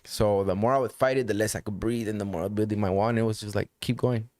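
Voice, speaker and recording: Low-voiced guy swearing his way through a story, repeats himself a lot, dry close sound. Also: fairly even intonation, very fast, darkish tone, no room sound. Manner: loose, profane, repeats phrases for emphasis. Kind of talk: casual storytelling.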